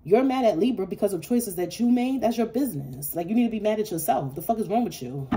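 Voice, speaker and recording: A woman's voice: medium pitch, animated, fast talker, dark tone. A woman giving a casual tarot reading, blunt and sassy, swearing freely and laughing often. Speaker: tarot reader.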